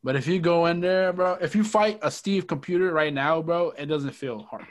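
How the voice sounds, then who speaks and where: A man's voice: on the high side, normal speed. A young man co-hosting a podcast in casual chat, loose and joking, always saying "bro" and "you know what I mean". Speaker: podcast co-host.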